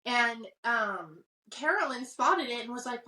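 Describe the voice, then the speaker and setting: A woman co-hosting a pop culture podcast, chatting casually and retelling gossip with quick reactions. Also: on the high side, expressive, sharp tone, distant mic. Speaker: podcast co-host. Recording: roomy sound, mic farther off.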